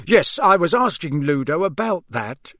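A man reading an audiobook who voices a kindly, thoughtful middle-aged father speaking in measured tones. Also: on the high side, sing-song, pushed and bright, no room sound, clean studio sound, full character voice. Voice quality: measured, frowning.

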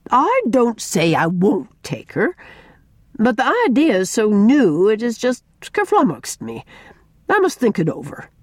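A woman reading an audiobook and voicing a brisk, kindly middle-aged farm wife who talks bluntly and calls people "dearie". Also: medium pitch, wildly swooping pitch, no room sound, studio quality, pitched above the performer's own voice. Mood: flustered. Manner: blunt, homespun, fond "dearie".

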